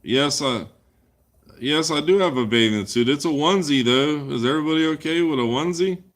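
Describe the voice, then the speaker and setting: Answering questions from a live chat, this livestream host rambles and trades crude jokes with viewers in a relaxed session. He talks fairly quickly in a fairly high voice.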